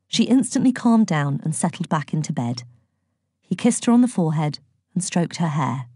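Mellow, husky woman narrating a story. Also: deep voice, moderate pace, dry recording, clean studio sound. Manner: calm, gentle storytelling. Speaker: audiobook narrator. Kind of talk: scripted narration.

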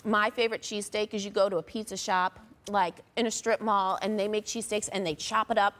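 A woman's voice: medium pitch, flat delivery, a little fast, a bit bright. A woman from the Philadelphia suburbs, a news anchor co-hosting a talk show, chatting in an upbeat way. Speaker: guest co-host, news anchor. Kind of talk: casual talk show chat.

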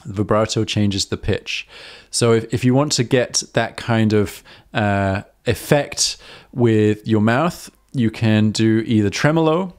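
A man's voice: on the low side, takes it slowly. Chatty man teaching harmonica live. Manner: chatty and self-correcting, with many ums and uhs. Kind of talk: casual live-stream teaching.

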